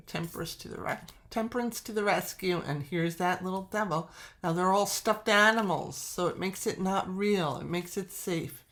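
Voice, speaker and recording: This middle-aged woman with a New York accent collects and reviews tarot decks, chatting casually in a vlog where she gushes and laughs often. Her voice is fairly low, a little slow, and a bit bright.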